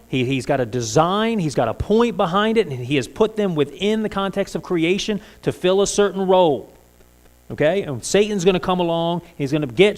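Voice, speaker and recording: Preaching in a church, this pastor has a slightly high voice. His sermon is conversational, full of rhetorical questions aimed at the congregation.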